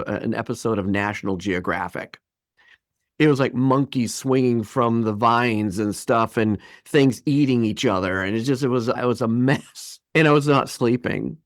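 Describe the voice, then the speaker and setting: A man in his fifties telling a personal story as a podcast guest, lively and acting out the voices of people he quotes. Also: medium pitch, dry recording, clean studio sound. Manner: animated, acts out quoted voices. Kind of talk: storytelling interview.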